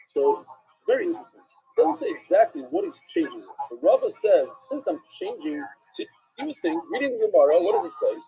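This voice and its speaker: Speaking briskly, a rabbi runs a live-streamed Talmud lesson, quizzing his listeners and answering on their behalf. He has a husky, high, mellow voice with an animated, swooping style, all muffled by low-fidelity stream sound.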